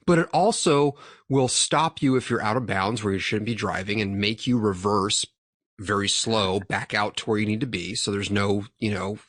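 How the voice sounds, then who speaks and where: A man's voice: fairly low pitch, normal speed, a bit bright, dry recording, studio quality. A young man hosting a podcast, telling a rambling, profanity-laced story and laughing as he goes. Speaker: podcast host. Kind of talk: casual chat.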